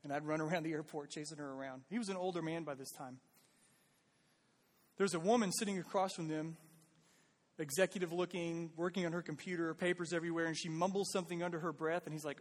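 Man, pastor, earnest sermon, plain talk, slightly high voice, long hall reverb. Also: steady tone, fast talker. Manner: earnest, pleading, conversational.

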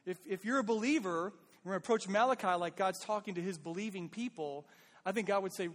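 A man's voice: high-pitched, fast talker, big-room sound. A man preaching a sermon as pastor, earnest and conversational, pleading with his listeners.

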